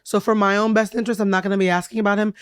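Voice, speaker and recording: Hoarse chatty woman podcast host. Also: medium pitch, rapid-fire, no echo, clean studio sound. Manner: chatty and expressive, storytelling. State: hoarse from laryngitis. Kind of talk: casual chat. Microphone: studio mic.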